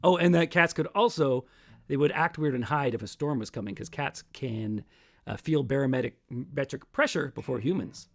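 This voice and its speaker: A man's voice: mid-range voice, moderate pace, faint music behind. A man hosting his own livestream as a singer-songwriter, chatting casually between songs in a rambling, self-mocking way that often trails off.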